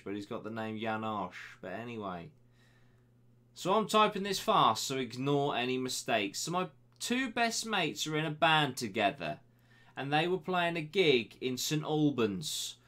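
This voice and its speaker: Young male host, casual and sweary, sarcastic banter, average pitch. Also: a bit bright. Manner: banter-heavy, sarcastic asides to the sender. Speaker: web show host reading listener emails. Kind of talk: casual swearing storytelling and email reading.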